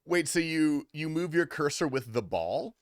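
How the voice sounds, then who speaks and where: A man's voice: fairly high pitch, animated, measured pace, no echo, clean studio sound. A man streaming a game, chatting casually with his viewers in a crude, offhand way and swearing freely. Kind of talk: casual livestream chat.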